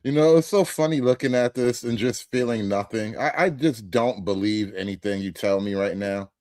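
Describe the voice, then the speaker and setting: A man's voice: lowish voice, normal speed, darkish tone, no echo, clean studio sound. A man hosting a reaction commentary show, talking in a sarcastic, dismissive and slangy way.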